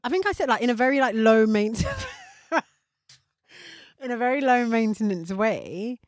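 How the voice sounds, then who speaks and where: A woman's voice: a little high, big pitch swings, normal speed, no room sound, clean studio sound. A woman co-hosting a podcast in casual chat, telling stories animatedly and laughing often. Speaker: podcast co-host.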